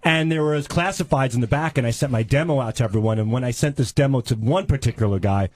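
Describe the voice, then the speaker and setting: A man's voice: medium pitch, quick pace, no room sound. A man in his forties from Long Island telling a self-mocking story on a radio show, rambling and restarting his sentences. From Long Island, New York. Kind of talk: casual radio banter, storytelling.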